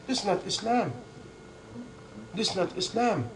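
A man's voice: high-pitched, lively intonation, a little slow, slight background noise, rough recording. A man preaching a sermon in non-native English, driving his points home with stacked lists and rhetorical questions.

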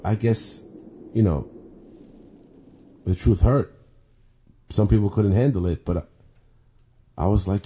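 A man casually telling a personal faith story, talking haltingly with restarts, repeated words and many fillers. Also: fairly low pitch, warm tone. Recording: clear background ambience noise.

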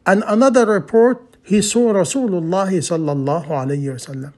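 A man's voice: high-pitched, expressive, normal speed, a little mellow. A man preaching a sermon as a story, earnest and repetitive, in broken English.

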